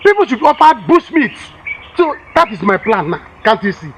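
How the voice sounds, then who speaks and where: A man's voice: very high-pitched, very animated, normal speed, a bit bright, a little hiss or hum, exaggerated voice. An actor with a Nigerian English accent playing a boastful village man who stumbles over his words while bragging about big schemes. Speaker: village bushmeat seller. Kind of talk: film drama acting.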